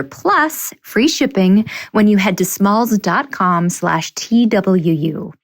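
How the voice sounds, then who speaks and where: Female podcast host, host-read ad, personal and friendly. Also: medium pitch.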